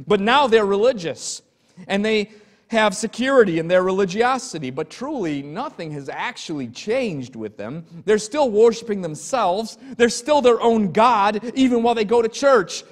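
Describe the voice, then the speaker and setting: Earnest pastor with a raised voice, reverberant church. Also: male voice, sits high, expressive, normal speed. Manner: earnest, emphatic, anecdotal. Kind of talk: sermon. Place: church sanctuary. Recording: long church hall reverb.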